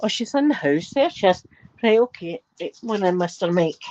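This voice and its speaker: A woman's voice: mid-range voice, expressive, moderate pace, very noisy. An older woman with a Scottish accent, chatting cheekily at home while short of breath. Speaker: channel host. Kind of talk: casual chat. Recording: slightly dull lo-fi recording.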